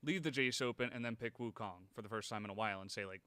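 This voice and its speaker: A man's voice: fairly low pitch, fairly even intonation, fast, hardly any pauses, pushed and bright, smooth, no room sound. A man chatting casually as an esports analyst on a panel, rambling with lots of "like" and "you know".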